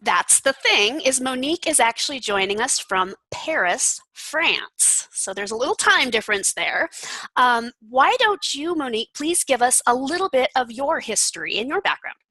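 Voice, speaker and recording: Bright, high, lively woman host. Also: slightly rough, no room sound, poor audio. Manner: enthusiastic and quick to laugh. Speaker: interview host. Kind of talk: upbeat interview hosting.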